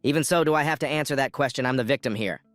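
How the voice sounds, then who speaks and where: A man voicing a calm, deadpan young male hunter in a storybook recap, muttering his thoughts. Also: medium pitch, racing, no echo, faint music behind, lightly acted.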